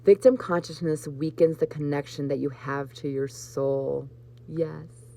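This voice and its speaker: Brief: woman host, low voice, soft spiritual card reading, heartfelt. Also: fairly even intonation, unhurried, gravelly, a little hiss or hum. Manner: warm, emotional, choked up with laughter at times. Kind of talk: live card reading for viewers.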